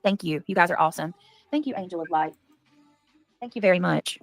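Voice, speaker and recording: A woman's voice: fairly low pitch, fairly quick, creaky, no echo, faint music behind. A woman chatting casually on a livestream, reading out and thanking donations.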